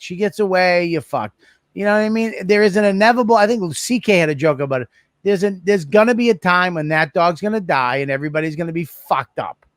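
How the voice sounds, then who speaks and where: Brief: profane podcast host, high voice, dry close sound. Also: male voice, no room sound. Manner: blunt, profane, laughs in disbelief. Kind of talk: casual chat.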